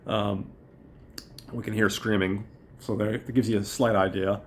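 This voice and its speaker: A hoarse man with a cold, hosting a podcast and loosely recapping a film plot with profanity and fillers. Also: on the low side, level tone, measured pace, a little hiss or hum. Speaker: podcast host.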